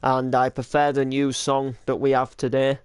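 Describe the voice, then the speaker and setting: A man's voice: mid-range voice, completely flat delivery, moderate pace, clear, resonant tone, soft background music. A young British man hosting a casual reaction to his old videos, rambling with lots of likes and restarts.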